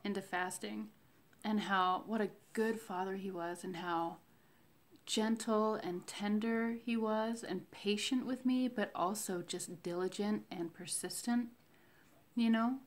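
A woman talking slowly and reflectively in a casual faith diary, with many fillers and pauses. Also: mid-range voice, fairly even intonation. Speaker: vlogger sharing a fasting diary.

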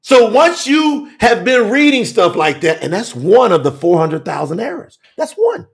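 A man preaching fiery and emphatic to a telethon audience as a scripture teacher, repeating phrases and shouting at times. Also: high-pitched, very animated, moderate pace.

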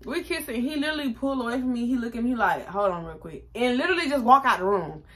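A woman, chatting casually through a storytime and jumping up in pitch to act out quotes. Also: rapid-fire. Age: 20s. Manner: animated, chatty, acts out quotes with raised pitch. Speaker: vlogger.

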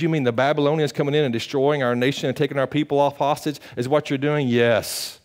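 A man pastor, preaching a sermon, swinging from loud emphatic peaks to hushed low passages. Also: steady tone, fast, hardly any pauses.

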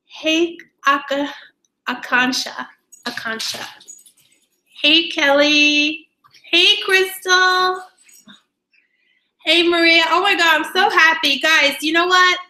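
A bubbly woman with a high, bright, forceful voice greets her live chat viewers as a YouTuber, stretching out her hellos and giggling. It's casual stream chatter recorded in an echoey room, with a little hiss or hum.

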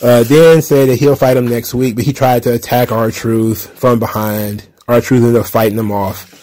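A man with a mid-range voice talks through a wrestling show recap in a loose, offhand way. He laughs often, tosses in sarcastic asides, and fills his pauses with ums and uhs. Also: mid-range voice, little pitch movement, dark tone. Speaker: wrestling commentary podcaster. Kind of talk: casual recap commentary.

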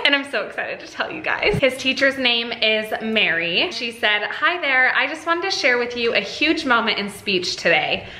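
A woman vlogging at home as a mother, talking excitedly and directly to her viewers. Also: medium pitch, a little hiss or hum. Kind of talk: casual chat to camera. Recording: roomy echo.

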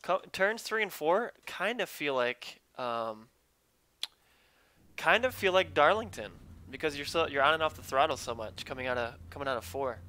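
A man's voice: a little high, expressive, normal speed, bright, forceful tone. A man commentating his own online racing game live, chatting with viewers while he drives. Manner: upbeat, talks to chat while driving.

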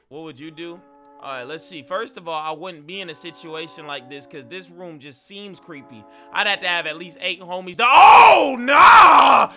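Excitable high-voiced young man reacting. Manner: excitable, slangy, yelps and shouts at scares. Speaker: video reaction host. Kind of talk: reacting to scary videos.

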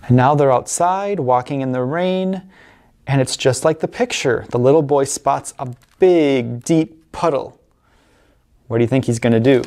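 A woman librarian reading picture books aloud at a family story time, expressive and warm. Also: very deep voice, unhurried, slight background noise. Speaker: children's librarian.

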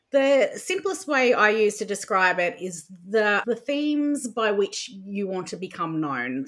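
A woman guest on a podcast, a writer who answers in a chatty, storytelling way with asides. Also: medium pitch. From Australia. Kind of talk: conversational interview answers.

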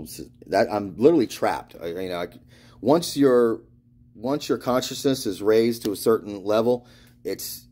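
A man from Florida talks in a loose, meandering monologue, drifting between restarts and trailing thoughts. His voice sits low with a mellow, soft-edged tone. He swears freely and laughs through his own stories. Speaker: spiritual vlogger. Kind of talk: rambling monologue.

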